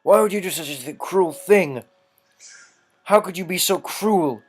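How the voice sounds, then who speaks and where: A player voicing a betrayed young gentleman in a game, reading his lines theatrically. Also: medium pitch, unhurried, soft background music, voice pushed up, close to an everyday voice. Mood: hurt.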